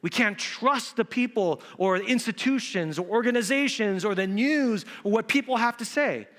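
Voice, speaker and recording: A male pastor preaching an Easter sermon in a church, animated and acting out quotes in different voices. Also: high voice, normal speed. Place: church sanctuary. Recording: reverberant church hall.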